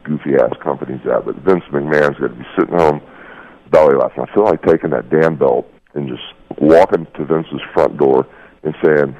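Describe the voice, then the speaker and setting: A man's voice: extremely low pitch, moderate pace, a little mellow. A man guesting on a radio show, telling a heated story in a blunt, profane way and calling the listener "brother.". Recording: dull lo-fi radio broadcast.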